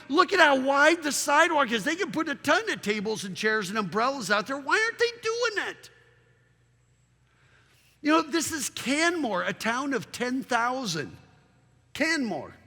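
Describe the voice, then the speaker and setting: Man, high pitch, animated talk, rhetorical questions, hall echo. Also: normal speed. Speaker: town marketing consultant. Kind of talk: public presentation with slides. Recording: long reverb of a large hall.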